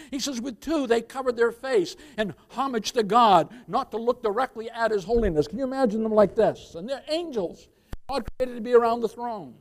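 A man with a notably high voice preaches a sermon. He swings between booming, emphatic cries and quiet, intimate asides, calling the congregation beloved and asking for amens. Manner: preaching with dramatic swells, repeated "beloved", calls for amen. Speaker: pastor.

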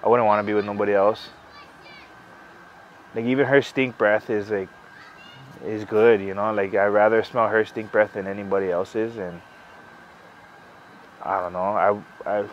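Young guy, a touch low-voiced, recounting his love story with soft hesitations; faint room tone behind. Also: level tone, dull audio, a little hiss or hum. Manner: halting, many "like" fillers, sincere. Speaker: groom-to-be interviewed for an engagement video. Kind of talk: casual storytelling interview.

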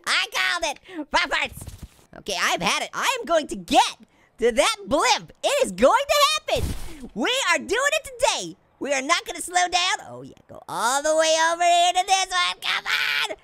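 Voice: very high-pitched, huge pitch swings, moderate pace, gravelly, bright, forceful tone, heavily acted. A performer voicing a hyper, giggly cartoon orange who jokes nonstop while commentating a video game. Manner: giggly, goofy, hyper, constantly cracking jokes. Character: hyper talking orange fruit, cartoon prankster, gleeful. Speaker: gaming let's-play host. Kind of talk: excited gameplay commentary.

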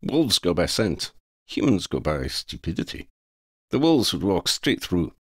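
A man voicing a sardonic, grumbling male talking cat in an audiobook, raising his pitch a little. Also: big pitch swings, measured pace, slightly rough, dry recording, exaggerated voice. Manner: dry, grumbling retorts.

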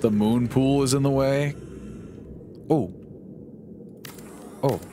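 A man's voice: medium pitch, fairly even intonation, takes it slowly, long pauses. Young guy streamer rambling to chat, sarcastic and jokey, faint background noise. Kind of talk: casual live-stream chat while gaming.

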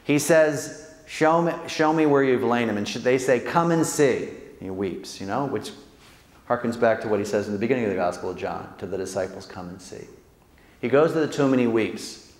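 A Jesuit priest with a mid-range voice and moderate pace gives a lively, joking faith talk to an audience in a large hall, acting out quotes and tagging lines with "right?" often. The hall is echoey, with long reverb.

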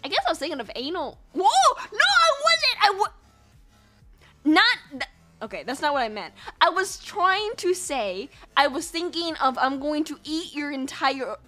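A woman streamer with a very high, bright voice that leaps up and down as she talks. She speaks slowly, crude and playful, firing off mock outrage. Faint music runs under her. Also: sing-song. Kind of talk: live stream chat.

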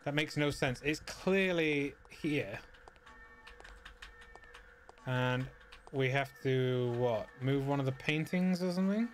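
A man's voice: medium pitch, slow, long pauses, faint music behind. A man giving casual, wry commentary while playing a video game, muttering dry asides to himself. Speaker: let's play gamer.

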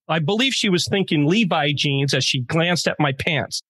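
A man's voice: a little high, expressive, moderate pace, a bit bright, slightly rough, no echo. A man co-hosting a podcast, telling jokey stories in a playful, casual way. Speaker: podcast co-host.

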